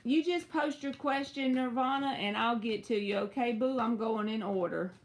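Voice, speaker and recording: A young woman with a Southern US drawl chats through a casual live-stream tarot reading. Her voice sits a little high, and she stretches her words and leaps up in pitch now and then. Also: moderate pace. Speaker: tarot reader.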